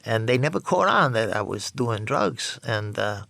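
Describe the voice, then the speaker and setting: A man with a gravelly, creaky voice tells his story bluntly and profanely. He jumps into the voices of the people he quotes, and the sound is dry and close. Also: medium pitch, big pitch swings, a little slow, a bit bright, dry recording. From New York. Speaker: storyteller recounting his past. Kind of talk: candid spoken memoir.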